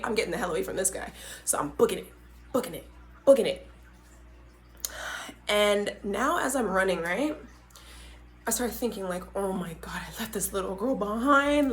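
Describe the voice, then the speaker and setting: A young adult woman hosting a podcast, retelling a story in a dramatic, animated way with frequent asides to her listeners. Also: medium pitch. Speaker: podcast host. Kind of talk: casual storytelling.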